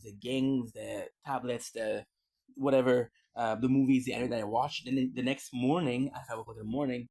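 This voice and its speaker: A man's voice: mid-range voice, vocal fry, a little mellow. A man vlogging in a casual, rambling way, often restarting and repeating words. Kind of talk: casual rambling livestream talk.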